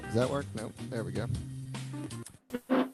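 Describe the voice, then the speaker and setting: Tai chi teacher, man, over music. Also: mid-range voice. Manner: casual, chatty while fixing the stream, then slow and calm cueing. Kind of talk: online class setup and guided tai chi instruction. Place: home room, on a video stream. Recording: live stream audio with music underneath. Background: music playing.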